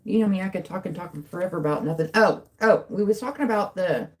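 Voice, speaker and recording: A young woman talks through a casual livestream from home on her phone. Her voice sits fairly low, and her chatter rambles and keeps doubling back as she works on a craft. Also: fast, a little mellow. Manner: rambling, chatty, self-interrupting. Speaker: livestream host. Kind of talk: casual live chat while crafting. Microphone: phone mic.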